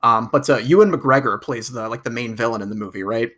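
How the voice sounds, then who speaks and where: A man's voice: medium pitch, fast talker, a bit bright. A man co-hosting a movie podcast, chatting casually and rambling with many restarts. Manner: rambling, restarts with stacked repeats. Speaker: podcast co-host. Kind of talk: casual chat.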